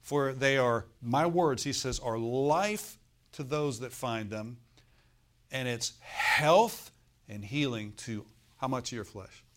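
A man's voice: medium pitch, slow. A middle-aged man preaching a sermon as pastor, in a conversational way, putting rhetorical questions to his congregation.

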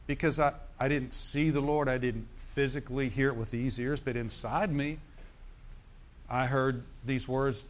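In a steady mid-range voice, a little slow, a middle-aged pastor preaches. He works call-and-response asides into his sermon, directing "amen" and "hallelujah" to the congregation.

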